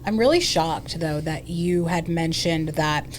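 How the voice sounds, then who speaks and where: A woman's voice: deep voice, unhurried, a little hiss or hum. A woman co-hosting a podcast, engaged and asking her guest questions in casual chat. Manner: engaged, asks questions, reacts with surprise. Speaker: podcast co-host.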